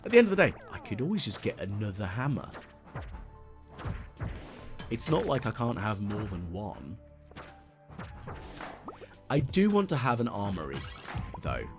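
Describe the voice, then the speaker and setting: A man's voice: fairly low pitch, wildly swooping pitch, a little slow, long pauses, music in the background. A man in his late thirties rambling over a farming game, musing and mocking himself with lots of ums. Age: late 30s. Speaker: gaming channel host. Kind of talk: casual let's play commentary.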